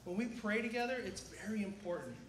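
A man's voice: high voice, fast, a little hiss or hum. A man giving upbeat church announcements, quizzing the congregation, while getting over a cough. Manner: energetic, asks the crowd questions. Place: large church sanctuary. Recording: echoey sanctuary, faint ambience.

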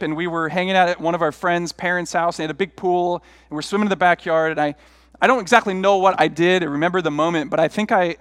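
A man's voice: high voice, fairly bright tone, dry recording, studio quality, big-room sound. A middle-aged man, a pastor, preaching a sermon through rambling, self-deprecating personal stories in a conversational way.

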